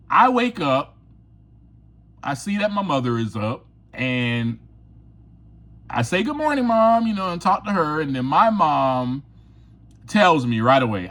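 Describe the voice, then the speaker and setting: A man's voice: a little high, sharp tone. A man hosting his own podcast, telling a personal story in a candid, confessional way and laughing often. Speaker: podcast host.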